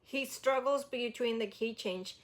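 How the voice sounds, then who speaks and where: A woman's voice: a little high, measured pace. A woman reacting to a vocal cover, casually critiquing the singing and often singing lines herself to show how they should sound. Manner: demonstrates by singing lines, filler-heavy "like". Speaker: music reaction host.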